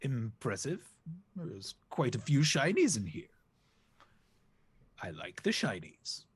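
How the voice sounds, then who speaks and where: A man voicing a pompous, greedy male goose king who dotes on shiny things, in a husky voice. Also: mid-range voice, wildly swooping pitch, takes it slowly, dry recording, pitched above the performer's own voice, full character voice. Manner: regal, doting over shiny things.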